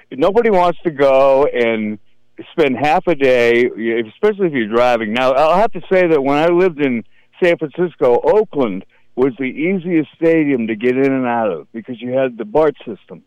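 A man's voice: mid-range voice, expressive, normal speed, darkish tone, clear, resonant tone, no room sound. Opinionated man on dull radio audio. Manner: opinionated, repeats words. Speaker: radio host. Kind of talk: casual sports radio chat.

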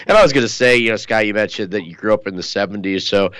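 Man, sports radio co-host, low voice, smooth, rambling with fillers. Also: quick pace, fairly bright tone, no echo, poor audio. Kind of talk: casual sports radio chat.

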